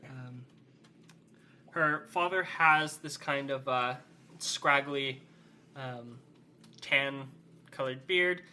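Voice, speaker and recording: A man's voice: medium pitch, very slow, long pauses, bright, forceful tone, a little hiss or hum. A man narrating as game master in a rambling, filler-heavy way.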